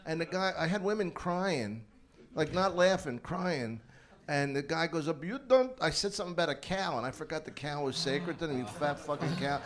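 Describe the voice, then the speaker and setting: A man's voice: on the high side, normal speed, fairly bright tone. A man, a comedian guest, telling a profane story in casual chat with frequent restarts. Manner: rambling, profane, restarts often.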